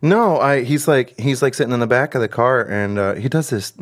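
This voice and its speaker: A man's voice: medium pitch, brisk. A man chatting casually over a video call, telling rambling family stories with lots of laughter and restarts. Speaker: podcast co-host, father. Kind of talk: casual storytelling chat.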